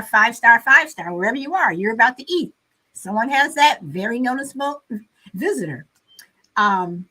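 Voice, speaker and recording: A woman with a fairly high voice chats on a casual live stream. She talks loosely, with plenty of "um" and "uh", and keeps reading out what viewers write. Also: sharp tone, low-quality recording. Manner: chatty, reads out viewer comments, many fillers.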